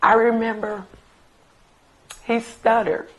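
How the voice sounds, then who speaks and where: A middle-aged woman, a mother remembering her late son, telling stories in an interview with slow, emphatic reminiscing and fond asides. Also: a little high, little pitch movement, a bit bright, poor audio. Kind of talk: recorded interview, personal storytelling.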